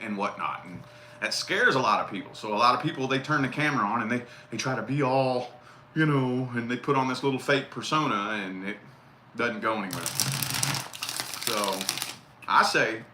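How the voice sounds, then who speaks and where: A man's voice: medium pitch, pushed and bright. A man giving casual live tarot readings, blunt and profane, repeating his key phrases. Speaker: tarot reader. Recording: roomy echo with faint noise.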